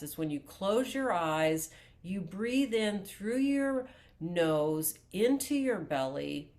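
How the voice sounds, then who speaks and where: A woman life coach talking to camera in a self-help video, explaining calmly and deliberately with a few restarts. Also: medium pitch. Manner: calm, slow, deliberate explaining with filler restarts.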